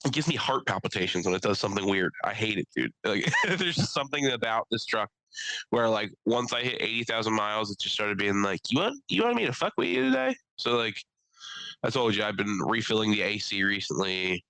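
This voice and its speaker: A man's voice: a little fast, dry recording, poor audio. A young man from the Philadelphia area co-hosting a podcast, chatting casually, swearing freely and often mimicking people. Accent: Philadelphia-area American. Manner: animated, swearing, mimics people in high voices. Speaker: podcast co-host. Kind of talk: casual chat.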